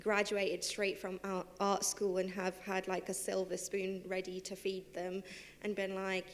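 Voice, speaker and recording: This young woman, a civil servant who also does henna, is a guest on a live panel in a theatre. Her voice is medium-pitched and steady in tone as she chats fast about her own life, dropping in lots of fillers and poking fun at herself.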